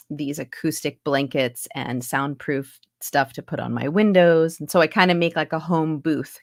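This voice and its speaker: A woman's voice: sits low, creaky, no room sound, studio quality. A woman who coaches accents and does voice-over work, chatting casually in an interview and explaining with lots of asides. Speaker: accent and dialect coach, voice actor. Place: home recording booth.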